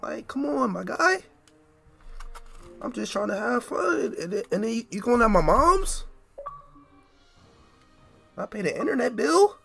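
A man's voice: very high voice, big pitch swings, normal speed, vocal fry, pauses often, bright, forceful tone, breathy edge, faint music behind. A young man giving casual gameplay commentary, incredulous and repeating himself with frequent stammers. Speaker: gaming video creator.

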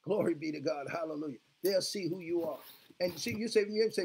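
A man's voice: high voice, fast talker, gravelly, darkish tone, a little hiss or hum. A man preaching a sermon as pastor, fervent, leading the congregation in call-and-response. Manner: fervent, repeats "glory be to God, hallelujah" with call-and-response.

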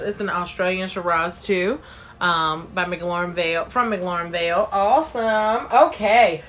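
A chatty woman hosts a live stream and reads out viewers' comments. Her voice is bright and a little high, and she talks in a bubbly, friendly way, welcoming each person by name. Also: slight background noise. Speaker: livestream host.

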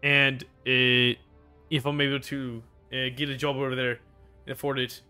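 A man's voice: medium pitch, flat delivery, moderate pace, pushed and bright, smooth, soft background music. A young man chatting casually while gaming, tipsy and rambling, swearing freely. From United States. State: drunk. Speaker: gaming streamer.

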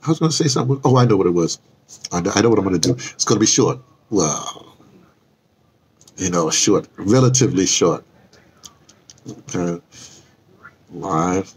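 A man's voice: sits low, animated, normal speed, pauses often, breathy edge. An older man chatting loosely on a live stream from outdoors, wandering off topic and correcting himself as he goes. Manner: meandering, self-interrupting, chuckling asides. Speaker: vlogger. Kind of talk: rambling live-stream chat. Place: outdoors in the cold.

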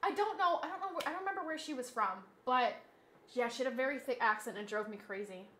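A woman streaming a game, chatting casually with her audience, reading chat aloud and slipping into animated, mock-indignant rants. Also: high-pitched, fast, a little hiss or hum. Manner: chatty, reads chat aloud, laughs easily. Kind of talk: casual live-stream chat while gaming.

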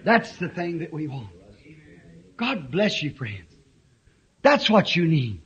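A man in his fifties preaching a fiery sermon, impassioned and now and then breaking into shouts. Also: a little high, big pitch swings, slow. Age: 50s. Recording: dull lo-fi old tape recording.

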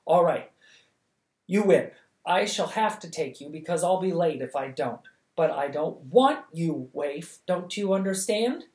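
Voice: mid-range voice, lively intonation, slow pace. A storyteller voicing an impatient young girl who scolds and pants, breathless and exasperated. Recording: echoey room.

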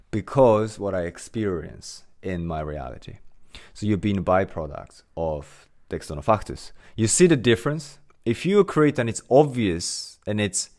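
A man's voice: low-pitched, darkish tone. A man working as a mindset coach, giving a motivational talk to camera in an earnest, emphatic way, repeating phrases and using many fillers.

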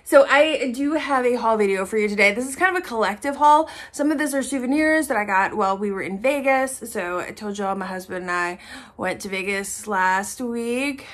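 Woman, chatty haul vlogger; slightly high voice, gushing and casual, swears freely. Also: normal speed. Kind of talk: casual chat to camera.

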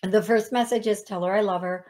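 A woman's voice: medium pitch, steady tone, a little fast, a little mellow. A woman hosting a radio call-in show as a psychic medium, talking in a chatty way with many restarts and ums.

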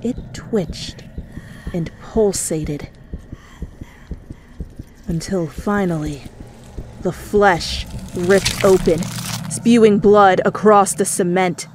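A woman reading fanfiction aloud as a whispered role-play, telling the story softly over faint music. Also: medium pitch, fairly even intonation, noisy background. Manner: soft, slow storytelling. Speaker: fanfiction reader.

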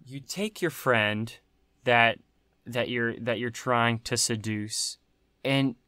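A man co-hosting a podcast, chatting casually with deadpan, absurd humor. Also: medium pitch, takes it slowly, smooth, no echo, studio quality. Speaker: podcast co-host. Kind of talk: casual chat.

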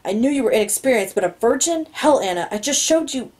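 A woman's voice: on the high side, lively intonation, fast, darkish tone, pitched above the performer's own voice, close to an everyday voice. A woman voicing an intense, controlling young man who growls his lines in exasperation in an audiobook reading. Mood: snarling.

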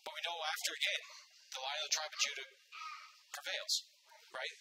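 A man's voice: on the high side, huge pitch swings, normal speed, bright, forceful tone, a little hiss or hum, poor audio. A man preaching a sermon with fervor, repeating phrases for emphasis and punctuating with "amen" and "right?". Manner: calls out "amen" and asks "right?".

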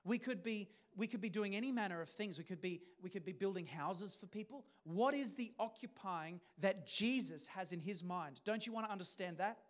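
A man's voice: high voice, moderate pace, few pauses. A man preaching a sermon as pastor, talking in a conversational way and putting questions to the congregation.

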